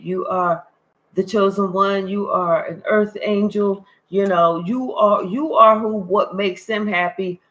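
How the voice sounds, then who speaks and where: A woman giving an intuitive spiritual reading to her viewers, talking emphatically and repetitively, swearing freely and rising into high, exasperated outbursts. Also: poor audio. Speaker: spiritual card reader.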